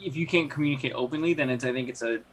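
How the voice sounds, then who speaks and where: A man's voice: mid-range voice, very fast, a little hiss or hum. A young man co-hosting a podcast in casual chat, earnest and reflective, often restarting his sentences. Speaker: podcast co-host.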